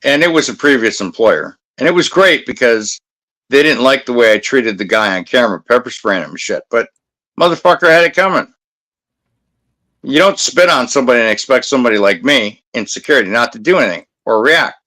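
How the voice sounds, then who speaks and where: Blunt, bright-voiced man in his fifties. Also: mid-range voice, lively intonation, a little fast. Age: 50s. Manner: blunt, profane, combative. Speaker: security guard. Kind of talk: casual storytelling on a talk show.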